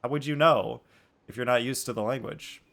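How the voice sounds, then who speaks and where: A man's voice: mid-range voice, normal speed, vocal fry, fairly bright tone. A man live-streaming a video game, chatting casually and animatedly with his chat and laughing often.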